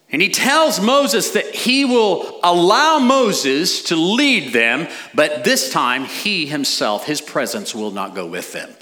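A middle-aged man preaching a sermon as a pastor, animated with dramatic pauses. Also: on the high side.

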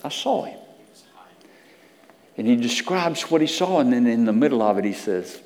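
A man's voice: on the low side, moderate pace, in a large hall. Preacher man with dramatic whispers. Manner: dramatic swings from hushed whispers to loud emphatic peaks. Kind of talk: sermon.

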